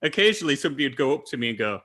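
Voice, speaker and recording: Man, Irish accent, podcast co-host, animated pitch, bright tone, wry and laughing. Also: rapid-fire. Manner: wry, laughing, exasperated storytelling. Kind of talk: casual chat.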